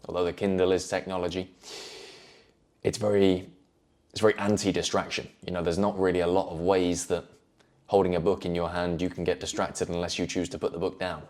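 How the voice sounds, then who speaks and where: Low-pitched male host, earnest motivational talk, measured delivery. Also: little pitch movement, darkish tone. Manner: earnest, measured, repeats phrases for emphasis. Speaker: self-improvement video host.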